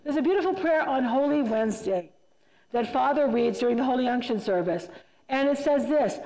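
Woman speaker at a church retreat, kinda high but mellow voice, big hall echo, talks emphatic and chatty. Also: lively intonation, a little fast. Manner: emphatic, conversational, repeats herself for emphasis. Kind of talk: lecture to a church group. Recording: long reverb in a hall.

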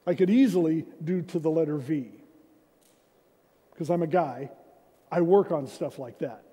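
A man's voice: fairly high pitch, unhurried, mellow, slightly rough. A man preaching a sermon as senior pastor, in a conversational way with self-deprecating humor, recorded in a church sanctuary. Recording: reverberant church hall.

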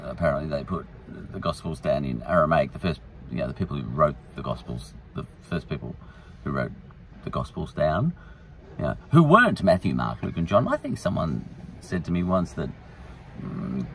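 A man's voice: very deep voice, recorded from a distance, slight background noise, poor audio. A man hosting a podcast, rambling through a casual, irreverent monologue. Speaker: podcast host.

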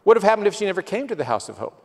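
A man's voice: sits high, sing-song, racing. A man giving a missionary's testimony sermon, telling stories in an earnest way that swells with emotion. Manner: earnest storytelling, quoting people, swells with emotion. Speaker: guest missionary. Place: church sanctuary. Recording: long church reverb.

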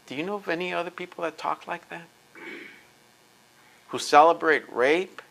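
A man's voice: fairly high pitch, normal speed, creaky, fairly bright tone, a little hiss or hum. A man giving an impassioned lecture, intense and emphatic, blunt and profane, often repeating words as he presses his points.

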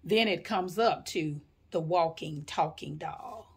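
A woman in her sixties speaks in an unhurried, husky voice. She sits lowish in her range and leans on "you know" and "I think" as she tells her story to an interviewer. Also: a little mellow. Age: 60s. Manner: unhurried, with frequent fillers and hedges.

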